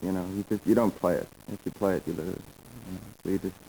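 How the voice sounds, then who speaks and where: Hesitant young actor, gravelly. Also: male voice, deep voice, quick pace, dark tone, slight background noise, poor audio. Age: young adult. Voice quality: hesitant, searching, many fillers. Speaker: actor guest. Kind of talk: TV interview.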